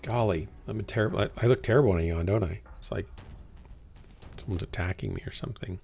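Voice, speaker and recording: A man's voice: fairly low pitch, quick pace, vocal fry, a little mellow, faint music behind. A man chatting casually to a small chat while playing a game on a livestream, rambling to himself and sometimes yawning. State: yawning, tired. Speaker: livestreaming gamer.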